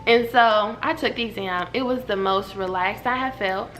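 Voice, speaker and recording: A woman, telling a story to her viewers at home in a lively, chatty way. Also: mid-range voice, normal speed, soft background music. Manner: animated, chatty, talks straight to viewers. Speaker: vlogger. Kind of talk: casual storytelling to camera. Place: at home indoors.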